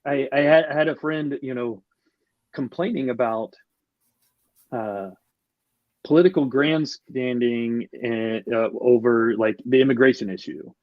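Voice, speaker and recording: Guy musing out loud on a podcast, lots of restarts, kinda muffled dry audio. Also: medium pitch, no echo. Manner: reflective, halting, many restarts. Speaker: podcast guest. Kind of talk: casual conversation.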